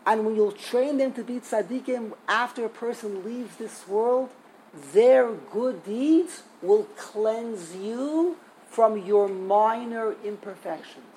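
An older man, a Torah teacher, gives an informal class in a high, darkish voice, taking it slowly. He is emphatic and indignant and repeats himself for stress. The recording is rough, with slight background noise.

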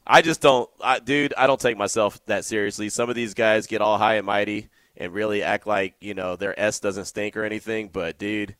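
A man's voice: fairly low pitch, fairly even intonation, moderate pace, hardly any pauses, fairly bright tone, clean tone, no room sound. A man hosting a sports radio show, telling stories in a loose, chatty, slangy way. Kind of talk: casual radio chat.

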